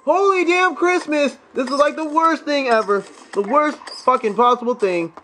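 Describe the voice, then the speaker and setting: A young man doing profane, excitable let's play commentary, talking back to the enemies on screen. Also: very high-pitched, moderate pace, shouting, a little hiss or hum. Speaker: gameplay commentator.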